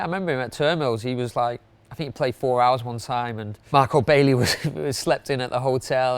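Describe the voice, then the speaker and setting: A man's voice: mid-range voice, clean tone. A middle-aged man, chatting casually through a countdown, rambling with fillers. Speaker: club night promoter.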